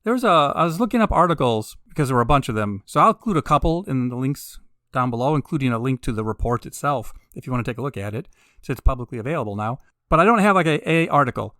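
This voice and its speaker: A man hosting a podcast in a casual monologue, wry and sarcastic with laughing asides, building to emphatic, drawn-out peaks. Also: medium pitch, animated, a bit bright, no echo, studio quality. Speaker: podcast host.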